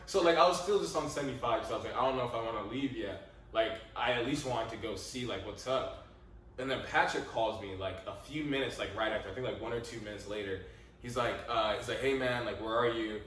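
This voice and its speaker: Animated young man in an echoey room. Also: mid-range voice, fast talker, a little hiss or hum. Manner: animated, laughing, swears freely, quotes himself. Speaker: podcast co-host. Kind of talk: casual storytelling chat. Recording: echoey room, mic at a distance.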